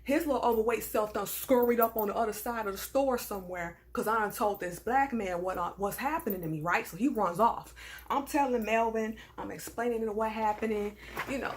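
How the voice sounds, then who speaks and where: A young woman from the American South with a Southern accent, telling a personal story in a casual, animated and indignant way. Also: fairly high pitch, a little fast. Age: young adult. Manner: animated, indignant, swings between hushed asides and raised outbursts.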